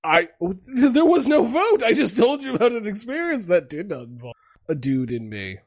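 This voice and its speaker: A man co-hosting a podcast, tossing in quick quips and laughing often. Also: high voice, lively intonation, no room sound, clean studio sound. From Massachusetts. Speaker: podcast co-host. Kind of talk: casual comedic chat.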